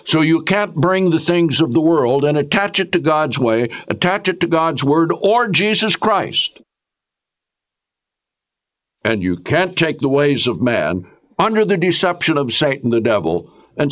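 A man preaching a sermon, reading scripture and asking his listeners rhetorical questions. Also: a little slow. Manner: animated preaching, rhetorical questions, swoops high for emphasis.

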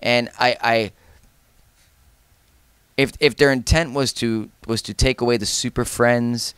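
A man co-hosting a casual film review podcast, talking in an animated way and repeating words when excited. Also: medium pitch, measured pace, clean tone, dry recording, clean studio sound. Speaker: podcast co-host.

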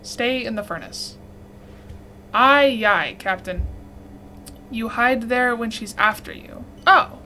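A woman's voice: on the high side, fairly even intonation, unhurried, few pauses, sharp tone, slight background noise. A young woman giving casual let's-play commentary, frantic and swearing as she talks to her viewers. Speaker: gaming streamer.

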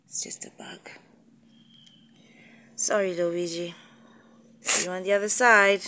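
A woman's voice: fairly low pitch, steady tone, measured pace, pauses often, pushed and bright, a little hiss or hum. A woman talking casually to her viewers in her home kitchen, chatty and playfully mock-solemn as she speaks to her family. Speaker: vlogger, mother. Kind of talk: casual family vlog chat.

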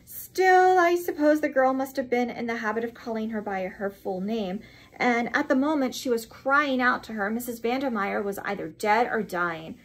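A grave, distinguished lawyer who speaks in crisp, measured questions and dry remarks, as a woman reading a mystery novel aloud voices him. The tone sits fairly high with a slightly husky edge. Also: close to an everyday voice.

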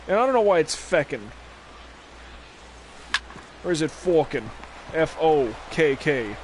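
Man, game streamer, casual rambling commentary, profane, slightly high voice, faint hiss. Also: sing-song, a little slow, long pauses. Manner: rambling, profane, drifting off on tangents.

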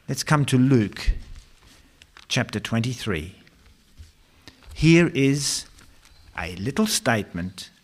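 A man preaching a sermon, asking rhetorical questions and reading scripture in a slow, dramatic way. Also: mid-range voice. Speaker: pastor.

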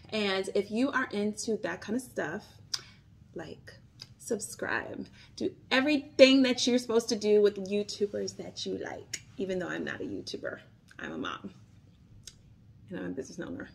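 A woman's voice: mid-range voice, creaky. A woman in her thirties chatting casually to her phone camera about luxury bags, bubbly and rambling with lots of asides. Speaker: vlogger reviewing luxury bags.

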